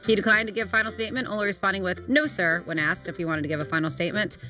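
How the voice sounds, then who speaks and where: A woman's voice: mid-range voice, racing, sharp tone, soft background music. A married woman co-hosting a radio show, chatting casually and reading odd news stories with offhand asides and laughs. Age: adult, married. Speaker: radio co-host. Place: radio studio.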